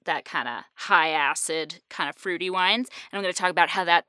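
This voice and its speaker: A woman's voice: on the low side, fairly quick, sharp tone, no echo, clean studio sound. A woman hosting a casual podcast chat, bubbly and fond of puns, laughing often. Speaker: podcast host.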